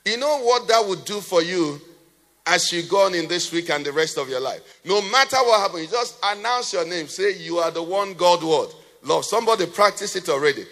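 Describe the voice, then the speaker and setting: This pastor's voice sits high and sharp, and he preaches in an animated, slightly fast way. In a church hall with long reverb, he keeps questioning the congregation and letting them supply the endings of his sentences.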